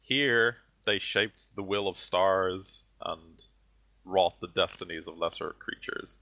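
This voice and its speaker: A man voicing a callous, condescending ancient heretic sorcerer who gives slow, grandiose speeches. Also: low-pitched, sharp tone, full character voice. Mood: menacing. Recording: dull lo-fi audio.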